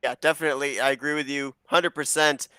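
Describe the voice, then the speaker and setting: A man's voice: a little high, fairly even intonation, quick pace, bright, forceful tone, clean tone, dry recording. A man commentating a sim racing broadcast in an upbeat, polished play-by-play manner. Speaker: race commentator.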